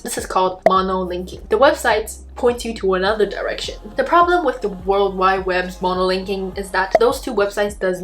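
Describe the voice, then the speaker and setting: A young woman student giving a playful, chatty scripted explanation in an educational vlog. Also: mid-range voice. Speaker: student video creator. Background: background music.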